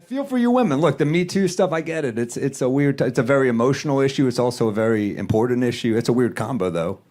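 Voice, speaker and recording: A man in his thirties doing a stand-up set with dry, deadpan one-liners on a handheld stage mic. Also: medium pitch, fast talker, soft background music. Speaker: stand-up comedian.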